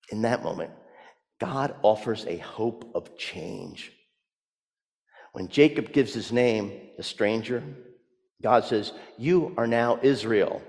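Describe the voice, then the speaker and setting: A male pastor preaching a sermon, telling a story and swinging from hushed words to loud emphasis. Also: on the low side, long reverb tail.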